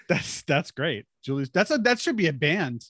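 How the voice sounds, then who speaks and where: Low-voiced giggly woman podcast co-host. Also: sing-song, measured pace, fairly bright tone, no echo, studio quality. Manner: giggly, rambling, self-interrupting. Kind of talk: casual chat.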